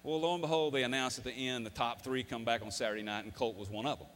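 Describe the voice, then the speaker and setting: A man's voice: mid-range voice, steady tone, quick pace, fairly bright tone, slight background noise. A man in his fifties, a former coach, gives a folksy, emphatic motivational talk, telling stories to an audience. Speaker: speaker, former football coach. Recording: long hall reverb.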